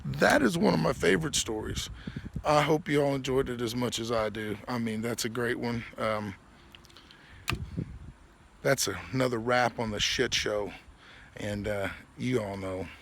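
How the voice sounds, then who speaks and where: A man's voice: medium pitch, vocal fry, a bit bright, slight background noise. A man hosting his own podcast, telling a rambling, profane story and laughing through it. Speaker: podcast host. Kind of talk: casual storytelling monologue.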